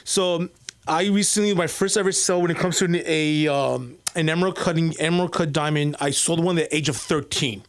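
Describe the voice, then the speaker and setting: Open-mic comic, male, slightly higher voice, loose rambling delivery with constant restarts. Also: brisk. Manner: rambling, many restarts and fillers. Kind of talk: rambling stand-up storytelling.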